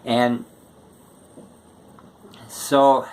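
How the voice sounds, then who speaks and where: Unhurried man telling jokes. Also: medium pitch, fairly bright tone. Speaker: joke teller. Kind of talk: casual joke telling.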